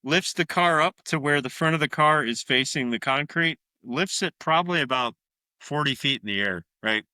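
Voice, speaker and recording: A man's voice: a little high, moderate pace, no room sound. A man co-hosting a podcast, retelling a horror film scene by scene in casual, profane chat. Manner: profane, animated retelling with acted-out quotes. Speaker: podcast co-host.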